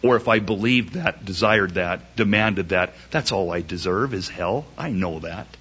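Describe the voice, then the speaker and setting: A man preaching a sermon emphatically, asking rhetorical questions and swinging his pitch up and down. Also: moderate pace, fairly bright tone, slightly rough. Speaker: pastor. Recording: dull lo-fi recording.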